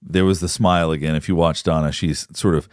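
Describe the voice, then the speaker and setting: A man, a psychologist, giving measured, explanatory commentary on court footage. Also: deep voice, fairly even intonation. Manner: explanatory, measured, pauses to point things out. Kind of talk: analytical commentary.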